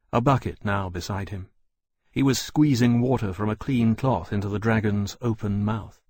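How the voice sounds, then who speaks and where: Husky low-voiced male narrator. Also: darkish tone. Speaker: audiobook narrator. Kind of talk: scripted narration.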